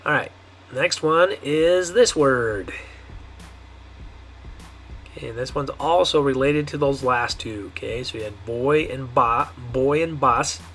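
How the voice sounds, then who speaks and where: A man teaching a pronunciation lesson, who talks patiently and repeats each word slowly with a frequent "okay". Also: mid-range voice, fairly bright tone, soft background music. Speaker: Spanish teacher. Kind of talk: language lesson.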